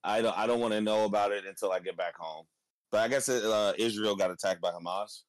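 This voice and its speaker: Casual podcast co-host, young man, hoarse and low, dry close sound, laughs through rambling stories. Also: fast talker, dry recording. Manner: rambling, laughs often, swears, animated retelling. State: voice nearly gone. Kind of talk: casual chat.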